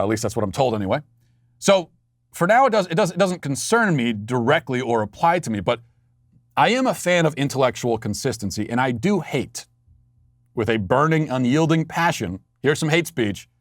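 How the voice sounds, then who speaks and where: A man's voice: medium pitch, big pitch swings, moderate pace, no room sound. Sarcastic male podcast host, dry studio sound. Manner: sarcastic, mocking asides; frequent fillers and restarts. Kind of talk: political commentary monologue.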